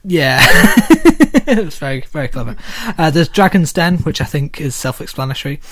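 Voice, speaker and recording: A man's voice: fairly high pitch, lively intonation, moderate pace, a bit bright. A man running a tabletop game as game master, chatty and full of filler words. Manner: chatty, frequent filler words, laughing asides.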